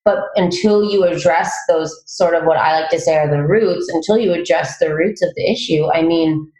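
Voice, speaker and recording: A woman hosting a podcast, speaking in an earnest, reflective way and agreeing warmly with her guest. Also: low-pitched, moderate pace. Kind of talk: casual podcast conversation. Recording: echoey room.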